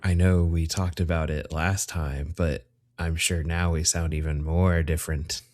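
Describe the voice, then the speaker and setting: A man with a very low voice chats casually as a podcast host. He rambles and jokes, often stopping to correct himself. He speaks into his own microphone from a room at home. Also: flat delivery, unhurried, darkish tone. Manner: rambling and jokey, corrects himself mid-sentence. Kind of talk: casual chat.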